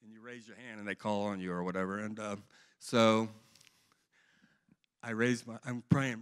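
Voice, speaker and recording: A man's voice: fairly low pitch, fairly even intonation, moderate pace, pauses often, fairly bright tone, clear, resonant tone. A middle-aged man giving a rambling, earnest personal testimony to a church congregation. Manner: earnest, rambling storytelling with restarts.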